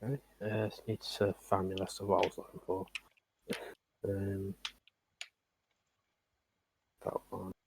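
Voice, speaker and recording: A man playing a tabletop game who sounds hesitant, uses many fillers and rushes some phrases. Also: low voice, little pitch movement, creaky, background noise. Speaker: player. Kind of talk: casual tabletop play.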